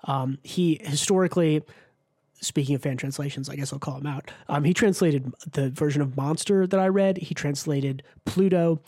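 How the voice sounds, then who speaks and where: Man, podcast host, higher-pitched, loose chatty delivery with frequent fillers. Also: moderate pace, dark tone. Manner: chatty, many ums and restarts. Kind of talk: casual podcast chat.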